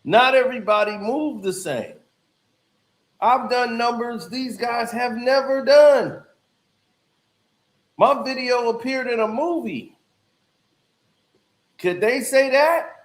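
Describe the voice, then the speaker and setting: A man's voice: very high voice, expressive, slow, pauses often, echoey room. A man talking casually and boastfully, laughing at his own claims. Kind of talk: casual bragging talk.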